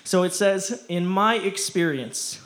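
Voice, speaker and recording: A man's voice: high voice, expressive, takes it slowly, fairly bright tone. A young man preaching a casual youth sermon, slangy and playful, often laughing as he talks.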